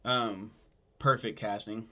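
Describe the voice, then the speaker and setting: A man's voice: fairly low pitch, flat delivery, slow, sharp tone. A man casually recapping a movie plot in a rambling way, with lots of filler words and swearing. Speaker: film podcast host.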